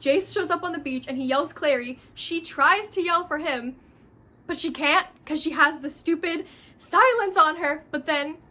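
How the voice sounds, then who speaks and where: A woman's voice: high voice, moderate pace, sharp tone. A woman talking casually about a book she loves, rambling off the cuff, effusive and repeating phrases for emphasis. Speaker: book vlogger.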